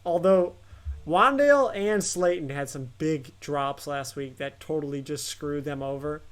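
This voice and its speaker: A man co-hosting a casual sports picks chat, talking in halting bursts with restarts. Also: fairly high pitch, smooth. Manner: halting, restarts and fillers, quick laughs.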